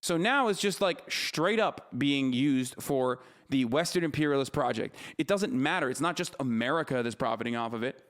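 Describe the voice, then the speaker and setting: A man's voice: mid-range voice, animated, moderate pace, hardly any pauses, fairly bright tone. A man in his thirties ranting profanely and mockingly as a livestream streamer reacting to content.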